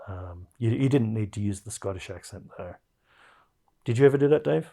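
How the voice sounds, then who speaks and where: A man's voice: on the low side, expressive, moderate pace, gravelly, dark tone. A man hosting a comedy podcast, chatting in a wry, loose way with plenty of fillers. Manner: wry, hesitant with many fillers. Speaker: podcast host. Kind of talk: casual comedic podcast chat.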